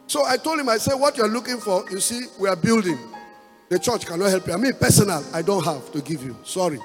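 A pastor preaches in a very high, lively voice, drifting into sung lines and rising to loud calls. His words ring through a big reverberant church hall with soft music underneath. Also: fast talker. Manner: emphatic preaching, half-sung phrases, rising to loud exhortation. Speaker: pastor giving a testimony. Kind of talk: sermon testimony. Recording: echoey hall with music behind.

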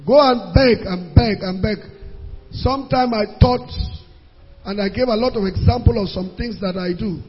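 A male pastor preaching a sermon, emphatic and repeating words for stress, sometimes rising to loud outbursts. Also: high-pitched, normal speed, breathy edge. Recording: muffled sound with long hall reverb, faint music.

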